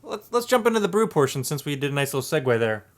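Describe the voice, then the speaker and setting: Playful male co-host, slightly high voice. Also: very animated, quick pace. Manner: playful, repeats words, wordplay. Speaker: podcast co-host. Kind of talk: casual chat.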